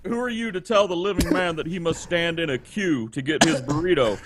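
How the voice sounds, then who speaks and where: A man's voice: on the high side, brisk, background noise, lightly acted. A man voicing a grandiose, defiant self-proclaimed sovereign man in a mocking parody rant, with pompous, profane proclamations. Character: ranting self-proclaimed sovereign 'living man', defiant, grandiose adult male.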